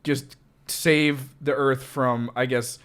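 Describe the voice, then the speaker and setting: A young man co-hosting a casual podcast, explaining an idea with many pauses and fillers. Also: medium pitch, steady tone, fairly bright tone, clean tone. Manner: hesitant, searching for words. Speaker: podcast co-host. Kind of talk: casual chat.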